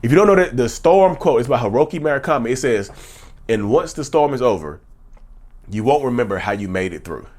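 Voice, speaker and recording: A man's voice: medium pitch, a little mellow. A man in his thirties hosting his own vlog, talking earnestly and emphatically and repeating phrases for stress. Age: 30s. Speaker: channel host. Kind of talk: personal vlog monologue.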